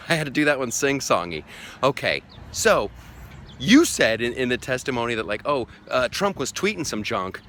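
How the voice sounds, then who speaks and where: A man with a bright, forceful voice riffs in a sarcastic comedy vlog rant. His pitch leaps wildly between low grumbles and high mocking yelps. He sounds excitable and scornful throughout. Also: moderate pace, slight background noise. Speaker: vlogger host. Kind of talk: comedic political rant to camera.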